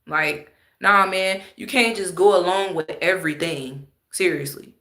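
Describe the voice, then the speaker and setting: A woman's voice: lowish voice, a little slow, sharp tone, roomy sound. A woman talking bluntly and emphatically in casual slang while commenting on a livestream and answering chat.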